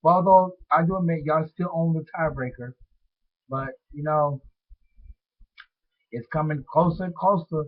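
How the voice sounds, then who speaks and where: A man's voice: fairly high pitch, unhurried, long pauses. A man with a cold who sounds congested, rambling through a casual sports talk vlog in slangy speech aimed straight at his viewers. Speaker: sports vlogger. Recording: tinny phone-like audio.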